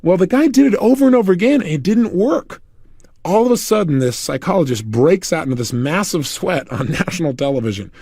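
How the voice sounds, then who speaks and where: A man's voice: high voice, a little fast, dry recording, studio quality. A man giving a motivational talk as an audio program, telling a story and acting out the people in it. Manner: animated storytelling, acts out quoted people. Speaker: motivational speaker.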